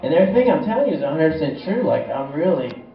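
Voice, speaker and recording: A man's voice: a little high, very animated, quick pace. Rambling, profane stand-up comic man. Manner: rambling, profane, laid-back stoner delivery. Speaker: stand-up comedian. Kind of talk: stand-up comedy set. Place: small bar or club stage. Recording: echoey room, far from mic, dull lo-fi sound.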